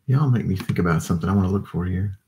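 A man with a drawl hosts a relaxed livestream from his home desk, chatting with viewers and answering their comments. His voice sits a little low, and he rambles in a loose, tired way, yawning as he talks. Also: racing, a little hiss or hum. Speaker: livestream host. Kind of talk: casual live chat reading comments.

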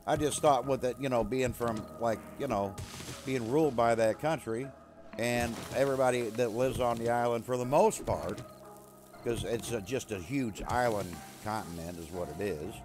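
An American man chatting casually while playing a survival game, talking to his dog and teammates and breaking into loud yelling. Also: mid-range voice, normal speed, over music. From USA. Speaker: gamer streaming a survival game. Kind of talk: casual gameplay chat.

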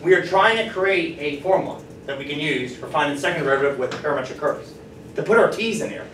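A man teaching a math lecture, upbeat and encouraging, tossing questions to his students. His voice sits a little high. He sounds distant in an echoing classroom with faint noise behind. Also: fast, a bit bright.

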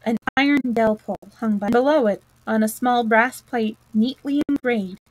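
A woman reading a classic children's book aloud in a steady, measured way. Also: a little high, low-quality recording. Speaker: storyteller.

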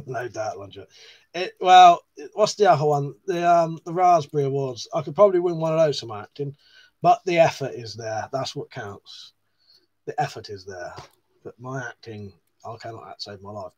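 A man with a mid-range voice hosts a live stream, reading viewers' comments aloud in a casual, chatty manner. He swears often and laughs at himself.

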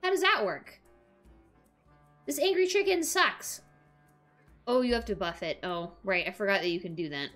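A young woman streaming a card game, excitable and laughing often as she reads card text aloud. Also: mid-range voice, moderate pace, long pauses, soft background music. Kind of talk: live game commentary.

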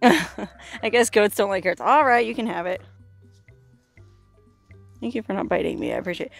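A woman with a somewhat high voice hosts a casual outdoor travel vlog. She is chatty and upbeat and coos warmly at the animals she meets. Faint music plays underneath. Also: moderate pace, vocal fry, long pauses. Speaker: travel vlogger and host. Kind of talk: casual walking tour vlog. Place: outdoors at a desert roadside hotel.

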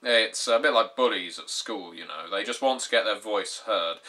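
A British man in his twenties hosts his YouTube gaming channel, chatting casually to camera with dry, sardonic, wry humor. His voice is lowish, pushed and bright, at a moderate pace.

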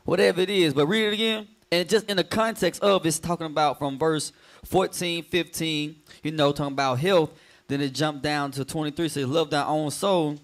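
A man's voice: on the high side, fairly even intonation, normal speed. A man in the congregation adding a thought to a scripture discussion in a conversational way. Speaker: congregation member. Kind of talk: class discussion.

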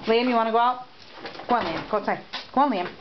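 Filming on a handheld camera around her home, indoors and out, a dog foster caretaker talks quickly in a fairly high voice. She coos at the foster dogs in a sing-song way, captured in dull, lo-fi audio with heavy noise.

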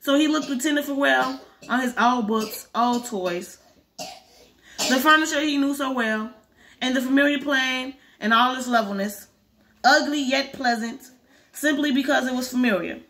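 A woman's voice: high voice, moderate pace, fairly bright tone, slight background noise. A woman reading a storybook chapter aloud, carefully, restarting on hard words. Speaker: reader.

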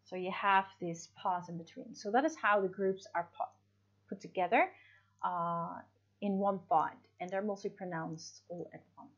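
A woman's voice: fairly low pitch, measured pace. A woman teaching an English lesson, explaining step by step and checking in with her students. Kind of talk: online class lesson. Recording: dull lo-fi audio.

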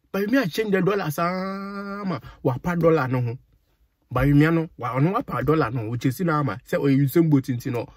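Ghanaian man vlogger, slightly high husky voice, dry close sound, indignant rant. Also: a little mellow, no room sound. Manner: exasperated, indignant, mixes Pidgin and Twi. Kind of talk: ranting commentary.

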